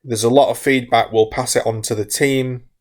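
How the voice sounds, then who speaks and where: A gaming content creator vents to his audience in a frustrated, rambling way, restarting his sentences over and over. He is wound up and a little hiccupy, and his voice sits at an ordinary middle pitch. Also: steady tone, moderate pace, a little mellow. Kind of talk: candid talk to camera.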